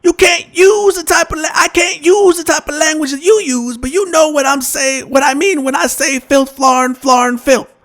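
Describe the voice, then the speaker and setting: A man doing a stand-up impression of a fussy, preachy older male comedian, speaking in stiff, mock-formal phrasing with quaint euphemisms and a slow, sing-song delivery. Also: very high voice, a bit bright, faint music behind. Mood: scolding.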